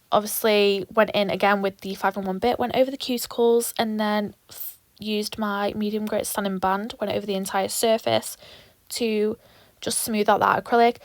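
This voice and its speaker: A young woman talking through a nail tutorial in an animated, rambling way, with lots of swearing and asides. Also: mid-range voice, dry recording. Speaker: nail tech vlogger. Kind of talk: chatty tutorial vlog.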